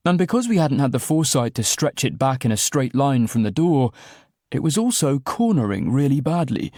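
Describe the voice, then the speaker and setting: A man's voice: medium pitch, a little mellow, no echo, studio quality. Wry man narrating a comic audiobook. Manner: wry, self-deprecating comic storytelling. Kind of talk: first-person scripted narration.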